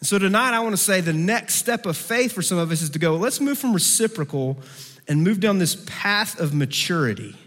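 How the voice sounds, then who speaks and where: A male pastor delivers a sermon with a slightly higher-than-usual voice, switching into animated character voices for the quotes. His words ring out with a long reverb, as if recorded in a large hall. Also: brisk. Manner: acts out quoted voices with big pitch swings; shifts between soft low passages and lively raised ones.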